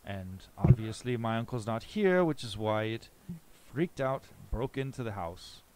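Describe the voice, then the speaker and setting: A man running a tabletop game, narrating scenes in a measured descriptive way with occasional fillers. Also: medium pitch, lively intonation, darkish tone, poor audio. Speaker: game master.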